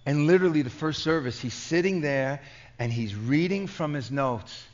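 Expressive and fairly high-pitched, this New York–accented pastor preaches at a conference at a moderate pace. His impassioned storytelling is full of stammering restarts, heard through a dull lo-fi recording.

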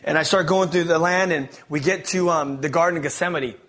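A man giving an energetic, slang-filled testimony to an audience, stumbling and restarting as he tells his story. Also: on the high side, fairly quick. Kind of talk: testimony preaching to a live audience.

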